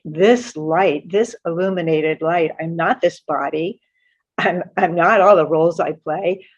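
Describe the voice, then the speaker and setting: Older woman telling an earnest, halting story. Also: on the low side. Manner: earnest, halting, often repeating words as she restarts. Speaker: guest author sharing a spiritual story. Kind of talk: personal storytelling. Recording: muffled lo-fi sound.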